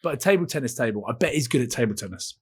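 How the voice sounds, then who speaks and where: A man co-hosting a casual rugby podcast, animated and swearing freely. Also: medium pitch, rapid-fire, slight background noise. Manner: animated, swearing, mimics voices in quotes. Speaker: podcast co-host.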